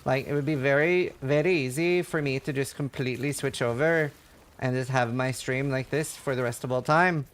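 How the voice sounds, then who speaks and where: A man's voice: medium pitch, normal speed. A game streamer with a light Norwegian accent rambles easily to his chat, with plenty of "like" and "uh" in his talk. He is a man from Norway, and he slips into playful accent imitations now and then. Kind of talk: casual chat with chat readers while gaming.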